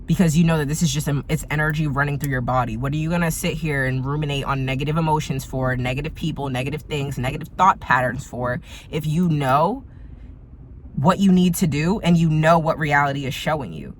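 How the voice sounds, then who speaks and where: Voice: mid-range voice, a little fast, slight background noise. A tarot reader giving a casual spiritual reading, speaking emphatically and repeating points straight to the viewer.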